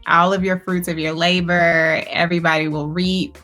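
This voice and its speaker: A woman's voice: fairly low pitch, level tone, moderate pace, bright, forceful tone, soft background music. A woman hosting an interview in an upbeat, encouraging way, often affirming her guest. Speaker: host. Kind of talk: casual interview chat.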